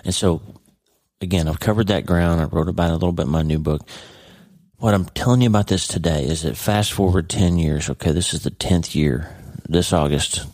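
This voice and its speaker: A middle-aged man hosts a podcast, speaking earnestly and from the heart directly to his listener in a personal monologue. His voice sits low with a darkish tone and a fairly quick pace, with no room sound.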